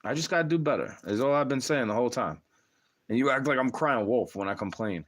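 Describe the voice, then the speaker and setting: A man's voice: medium pitch, animated, fast talker. A young man ranting on a livestream, profane and agitated, talking straight at the listener.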